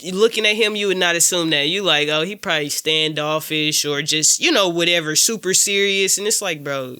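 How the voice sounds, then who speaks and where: A man's voice: a little high, fairly quick, pushed and bright, smooth. A man talking as a guest on a podcast, telling stories in a laid-back, slangy way. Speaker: guest clothing designer. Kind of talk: casual podcast chat.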